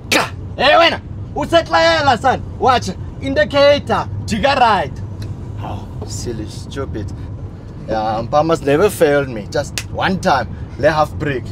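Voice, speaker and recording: A man talks boisterously outdoors on a city street, with traffic noise clearly audible behind him. His high voice jumps all over the place, and he chats in slang and hollers at people walking past. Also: sing-song, unhurried. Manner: boisterous, calls out to passers-by, slangy. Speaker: street interviewee. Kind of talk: comic street interview.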